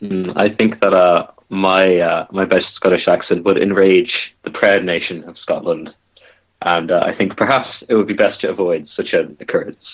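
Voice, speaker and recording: A man's voice: low voice, fairly even intonation, normal speed, slightly rough. A man co-hosting a casual podcast chat with wry, self-deprecating humor. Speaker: podcast co-host. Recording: tinny phone-like line.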